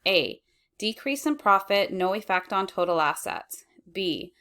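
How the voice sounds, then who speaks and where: A woman teaching accounting, reading lecture slides in a measured way and correcting herself as she goes. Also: mid-range voice, expressive, pushed and bright. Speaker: accounting instructor.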